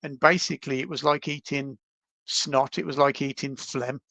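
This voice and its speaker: Give me an animated man telling self-deprecating stories, gravelly voice, dry close sound. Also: medium pitch, normal speed, no room sound. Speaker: podcast guest. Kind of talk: casual storytelling. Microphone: video call.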